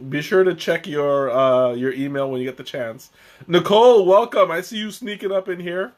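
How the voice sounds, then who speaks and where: A man hosting a casual live-stream tea tasting, chatty and joking, who talks haltingly with many restarts and fillers. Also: on the high side, lively intonation, a little mellow. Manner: chatty and joking, often chuckling.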